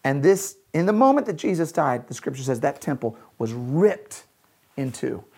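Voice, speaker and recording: A man preaching a sermon as a pastor, earnest, often slowing down and dropping to a soft, quiet voice on key lines. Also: fairly high pitch, animated, gravelly, slightly rough.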